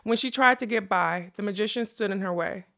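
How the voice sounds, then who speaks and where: A woman narrating a fantasy novel as an audiobook, in a measured, expressive storytelling manner. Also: medium pitch.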